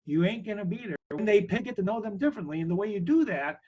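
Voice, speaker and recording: A man's voice: high-pitched, animated, fast, a little mellow, dull audio. A man in an interview, speaking as a business strategist in an emphatic, persuasive, public-speaker manner. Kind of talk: interview talk.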